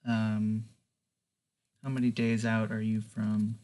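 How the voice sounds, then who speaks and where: A man narrating a tabletop game as game master, halting often with ums and likes as he describes the scene. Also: lowish voice, completely flat delivery, warm tone.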